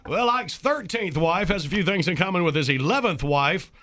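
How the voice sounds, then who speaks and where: A man's voice: high-pitched, animated, normal speed, sharp tone, a little hiss or hum, pitched above the performer's own voice. An older man doing a brash impression of an older male rock singer in a comedy sketch, with a jokey, gossipy delivery.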